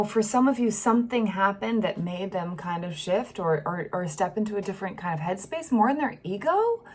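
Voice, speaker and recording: A woman's voice: medium pitch, darkish tone. A woman giving a casual, emotional tarot reading, acting out what she senses with sighs and broken-off sentences. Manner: emotional, acts out the feelings she reads, sighs and trails off. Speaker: tarot reader.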